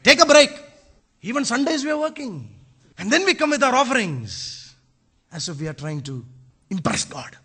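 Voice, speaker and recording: A man preaching a sermon as pastor, now and then raising his voice to a shout. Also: very high voice. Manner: preaching with bursts of shouting, mixes in Malayalam phrases.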